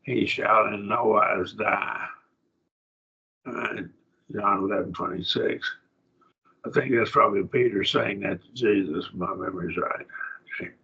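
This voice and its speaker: A plainspoken, folksy man, a preacher, teaching a slow Bible Greek grammar lesson to a class. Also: on the low side, creaky, pushed and bright, breathy edge. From rural. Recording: dull lo-fi classroom recording.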